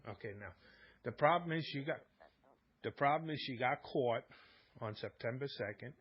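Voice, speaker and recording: A husky-voiced man telling a long story on a live stream. He rambles and repeats himself, and he acts out both sides of a quarrel. The audio is muffled and lo-fi. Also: mid-range voice, normal speed. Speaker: live-stream talk host. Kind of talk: casual storytelling monologue.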